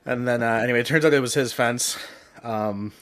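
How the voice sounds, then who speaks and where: A man's voice: medium pitch, brisk, fairly bright tone. A man hosting a podcast in casual chat, telling stories in a rambling way full of "um", "like" and "right?". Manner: rambling storyteller, heavy on "um", "like" and "right?". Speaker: podcast host.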